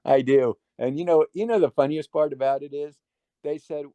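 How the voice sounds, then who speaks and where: A middle-aged man speaks as a guest on a casual interview, and his stories ramble along with restarts and quoted dialogue. His voice is mellow and relaxed. The recording is close and dry. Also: fairly high pitch, fairly quick, no echo. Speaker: guest magician.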